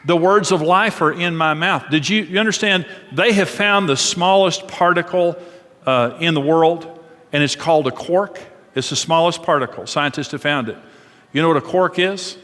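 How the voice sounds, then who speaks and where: A middle-aged man preaching a sermon as pastor, earnest and preacherly, drawing out key phrases slowly. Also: a little high, a bit bright. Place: church auditorium. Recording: long reverb of a large hall.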